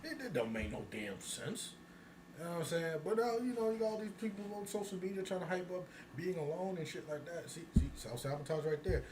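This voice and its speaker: A man talking casually on a talk show, blunt and profane, breaking into laughter as he rants. His voice rings in a noticeably echoey room. A steady hiss of noise sits under the whole recording. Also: high voice, a little fast. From United States. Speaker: podcast co-host. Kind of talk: casual chat.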